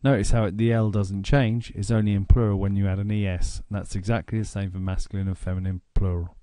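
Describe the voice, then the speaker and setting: Calm English man teaching grammar. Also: fairly low pitch, clean tone, dry recording, studio quality. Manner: slow, deliberate explaining. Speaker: language teacher. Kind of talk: scripted lesson narration.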